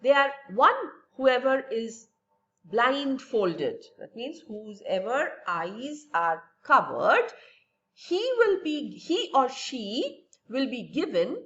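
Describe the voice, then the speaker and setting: Slow, lilting woman teaching young children. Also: fairly high pitch, very animated, lo-fi sound. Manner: slow, lilting teacherly delivery with repeated questions and answers. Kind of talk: recorded online science lesson for children.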